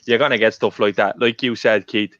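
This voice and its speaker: A man rants with heat and emphasis during a podcast chat, swearing often. His voice is low, and it comes through a dull, lo-fi mic with a dry sound. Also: steady tone, brisk, a bit bright, no echo. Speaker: podcast co-host.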